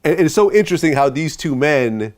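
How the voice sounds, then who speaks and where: A man's voice: fairly high pitch, lively intonation, quick pace, a little mellow. A man hosting an interview, giving reflective and thoughtful remarks. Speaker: interview host. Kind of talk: interview commentary.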